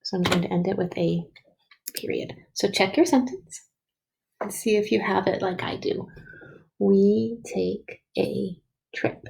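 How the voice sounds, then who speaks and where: A woman's voice: mid-range voice, normal speed, vocal fry, darkish tone, low-quality recording. A woman teacher leading a recorded writing lesson for young children, patiently sounding out each word and letter.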